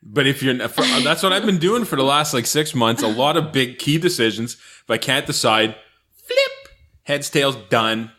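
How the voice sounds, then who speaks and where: Woman, podcast co-host, from Canada, casual jokey chat, pitch swings a lot. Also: lively intonation, normal speed, hardly any pauses, fairly bright tone. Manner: jokey, laughs often, reads listings aloud.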